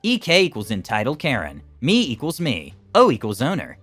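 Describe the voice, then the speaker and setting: A man giving an expressive, scripted narration of first-person internet stories. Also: mid-range voice, normal speed, faint music behind.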